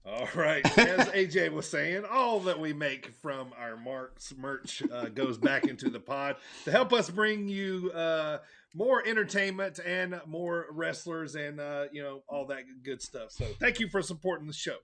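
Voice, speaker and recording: A man co-hosting a casual wrestling podcast, his voice high and bright with a gravelly edge. He runs through the show's rundown in an upbeat way, full of filler words. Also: animated, measured pace. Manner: upbeat, filler-heavy rundown with many uhs. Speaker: podcast co-host.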